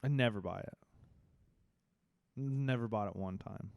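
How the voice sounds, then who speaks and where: A man's voice: lowish voice, a little slow, creaky, a little mellow, no room sound. A man cohosting a podcast in casual comedic chat, riffing and swearing casually.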